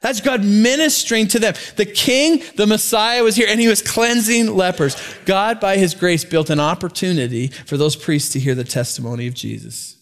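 A middle-aged male pastor delivers his sermon in a high, light voice. He talks to the congregation like friends, cracks small jokes, and stumbles over repeated words as he goes. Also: moderate pace, hardly any pauses.

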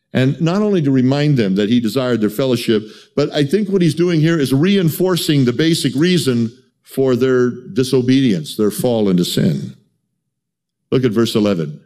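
A man's voice: lively intonation, normal speed, warm tone. Impassioned male preacher pleading. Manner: impassioned, voicing God's pleas in a higher, pleading tone; stammers on restarts. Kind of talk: sermon.

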